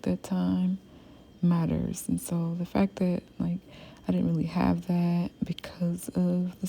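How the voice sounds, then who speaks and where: Slow, gravelly young woman telling a story. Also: fairly low pitch, mellow. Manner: chatty, rambling, many fillers. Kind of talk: casual storytime.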